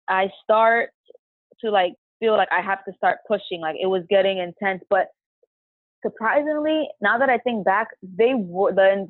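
A medium-pitched woman, with no room sound on the tinny, dry phone-line recording, shares her personal story as a podcast guest. She's chatty, uses "like" a lot and acts out what she said in the moment.

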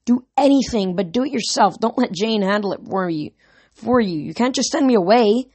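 A woman's voice: fairly low pitch, expressive, normal speed, a little mellow, no room sound. A woman reading the part of a hurt, angry teenage girl who pleads emotionally, recorded dry and close. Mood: upset. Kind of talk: audiobook character reading.

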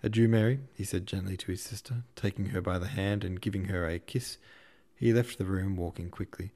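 A man narrating an audiobook in a steady, measured reading style. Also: deep voice. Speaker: audiobook narrator and podcast host.

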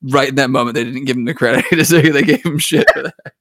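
A man's voice: mid-range voice, fast, a bit bright, no echo, studio quality. A man co-hosting a casual chat, rambling with restarts and frequent laughs. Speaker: podcast co-host.

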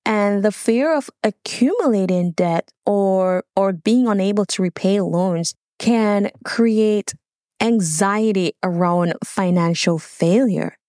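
A woman's voice: medium pitch, slow, dark tone, no echo, clean studio sound. A middle-aged woman with a Jamaican accent talks through prepared points on business money fears, often breaking off into personal asides. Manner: reads points then adds personal asides. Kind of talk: solo talk reading notes with asides.

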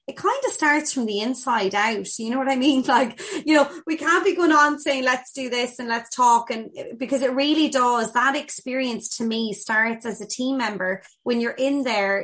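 A woman's voice: on the high side, fairly bright tone, poor audio. An Irish woman hosting a podcast over a video call, asking long, rambling questions with enthusiasm. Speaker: podcast host. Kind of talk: casual interview chat.

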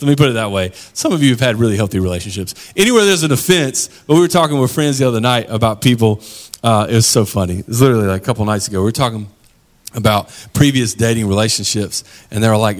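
A man's voice: medium pitch, expressive, fast. A male pastor preaching a sermon in a casual, conversational storytelling way with slangy asides.

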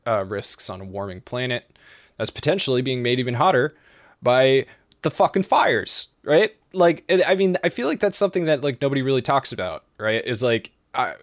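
A man's voice: medium pitch, no room sound, clean studio sound. A man from the East Coast of the United States hosting a podcast, rambling casually with lots of fillers and swearing. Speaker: podcast host.

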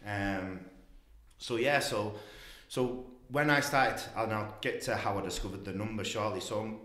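A man's voice: lowish voice, unhurried, a bit bright. Man, telling a rambling story in an echoey room. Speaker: guest. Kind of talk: casual storytelling.

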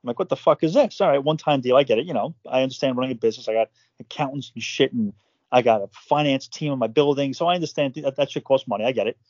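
A man telling his own story in casual conversation, swearing freely, stumbling over repeated words and acting out quotes with jumps in pitch. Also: very fast, darkish tone, dry recording, highs cut off.

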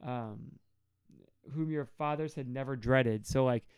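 A man's voice: measured pace, a little mellow, smooth, no echo. A man co-hosting a podcast, chatting casually about scripture with many fillers and rambling asides. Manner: rambling, many fillers, acts out quotes in a high whiny voice. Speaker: podcast co-host. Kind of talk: casual Bible study chat.

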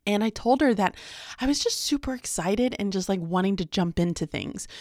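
A woman's voice: medium pitch, lively intonation, moderate pace, darkish tone, no room sound, studio quality. A young woman, a teacher and podcaster, chatting casually in a vlog diary with frequent ums and little laughs. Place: home, quiet in the mornings.

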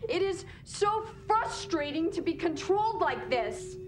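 A woman's voice: very high voice, animated, measured pace. An actress playing a young woman security officer, shaky and near tears, in a clip from a television drama. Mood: tearful. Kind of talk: 1980s television drama acting. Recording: TV clip with music underneath. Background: music.

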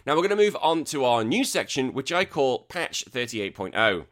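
A man's voice: mid-range voice, normal speed, faint music behind. A man hosting a podcast, chatting casually and ranting with lots of swearing. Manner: animated, swears a lot, exasperated rants. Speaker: podcast host.

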